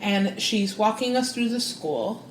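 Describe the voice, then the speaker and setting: In an animated podcast interview, a guest psychic and spiritual coach tells a personal story at a slightly slow pace. She performs the quoted voices with large pitch jumps and lively expression, over reverberant audio with slight background noise.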